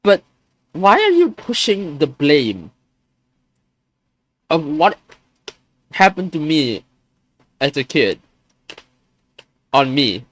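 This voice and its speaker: Agitated young man venting with lively pitch. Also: slow pace, pauses often. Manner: frustrated, swearing, stammering restarts. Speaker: streamer. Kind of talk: venting on a live stream.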